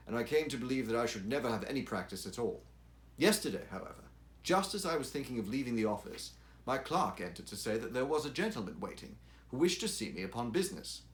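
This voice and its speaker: A young, earnest engineer down on his luck, read by a man, telling his strange story in an ordinary middle-pitched voice. He speaks plainly and raises his tone when he answers or questions. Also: lightly acted.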